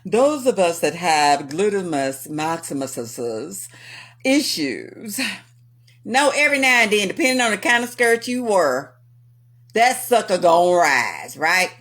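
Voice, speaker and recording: A woman's voice: on the low side, unhurried. A woman hosting a vlog, telling personal stories to her viewers with frequent laughter. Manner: animated, laughs often, talks to viewers. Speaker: vlog host. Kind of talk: casual storytelling commentary.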